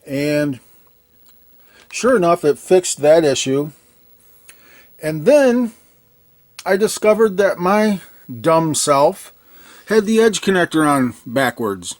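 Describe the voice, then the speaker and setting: A man's voice: fairly high pitch, very animated, slow, pauses often, no room sound. Man casually talking through a repair. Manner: thinking aloud, plain and self-deprecating. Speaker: arcade repair technician.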